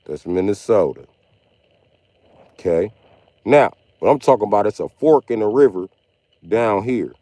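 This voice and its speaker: A man's voice: fairly low pitch, expressive, measured pace, long pauses, warm tone, no room sound. Profane ranting male streamer, dry close mic. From Missouri. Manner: profane, emphatic, repeats himself. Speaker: livestreamer. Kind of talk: ranting commentary over a video.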